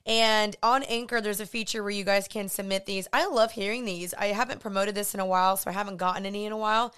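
A woman's voice: medium pitch, steady tone, fast, fairly bright tone, smooth. A young woman hosting her podcast, chatty and earnest, saying y'all. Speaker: podcast host. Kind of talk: casual podcast monologue.

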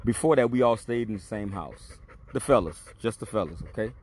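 A man's voice: fairly low pitch, expressive, brisk, a little mellow, a little hiss or hum. A man hosting a podcast, telling a rambling story in casual slang with plenty of swearing. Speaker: podcast host.

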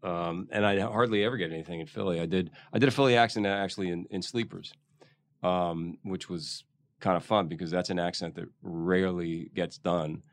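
Low-voiced Philly actor, thoughtful. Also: male voice, fairly even intonation, fairly quick, no room sound. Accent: Philadelphia. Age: middle-aged. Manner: thoughtful, searching for words. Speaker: guest actor. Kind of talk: casual interview chat.

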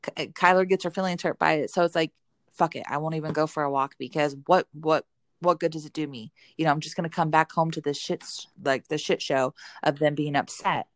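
A woman's voice: deep voice, fairly even intonation, brisk, no echo, clean studio sound. A woman in her thirties, a mother and co-host, talking candidly in a rambling way with many fillers. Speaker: podcast co-host. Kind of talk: casual chat.

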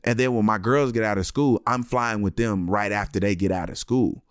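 Animated storytelling man, dry sound. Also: lowish voice, moderate pace, clean tone, no echo. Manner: animated, acts out other people's lines. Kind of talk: casual chat, comic storytelling.

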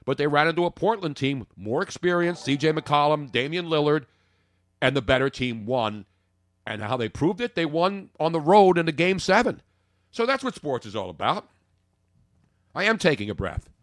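A man talks sports with an emphatic, opinionated delivery, tossing out rhetorical questions and jokey asides. His pitch sits a little high and swings widely. The sound is dry and close. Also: big pitch swings, moderate pace, dry recording. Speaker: sports talk host.

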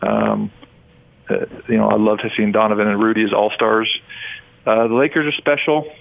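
A man's voice: on the low side, level tone, moderate pace, vocal fry, no echo. Man talking over a tinny phone line. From Utah. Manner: rambling and enthusiastic, frequent restarts. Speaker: former pro basketball player, guest. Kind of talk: sports radio phone interview.

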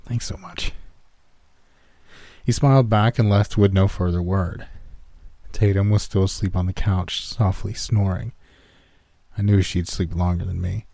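Casting: low-voiced male horror narrator, warm dark tone, dry close mic. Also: dry recording. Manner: calm storytelling, lifts pitch for quoted characters.

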